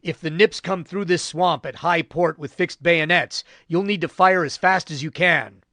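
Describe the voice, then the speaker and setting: A man's voice: fairly high pitch, normal speed, sharp tone, no room sound. Man voicing an older marine, folksy, urgent, dry sound. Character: jittery older male Marine on patrol.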